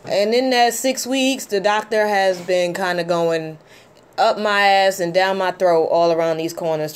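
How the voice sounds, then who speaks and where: A middle-aged woman hosting a call-in show, talking in a heartfelt, halting way with many ums. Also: lowish voice, clear, resonant tone. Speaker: host. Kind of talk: casual call-in show talk.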